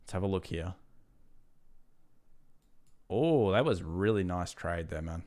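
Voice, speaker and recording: A man's voice: deep voice, animated, takes it slowly, darkish tone. A man hosting a live trading stream, talking through market charts casually and drifting into fired-up rants. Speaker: trading livestream host.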